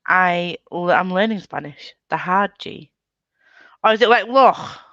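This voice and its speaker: A woman hosts a reading sprint over a video call, laughing often and teasing her friends as she chats. Her voice sits at a middle pitch and comes through a dry, slightly muffled computer mic. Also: animated, unhurried, a bit bright, no room sound. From England. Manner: giggly, teasing, chatty. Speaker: booktube host. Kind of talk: casual chat on a video call.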